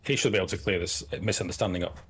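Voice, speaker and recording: A man doing gruff, officious guards. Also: sits low, racing, fairly bright tone, full character voice. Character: stern adult male guards at a dark-elf keep.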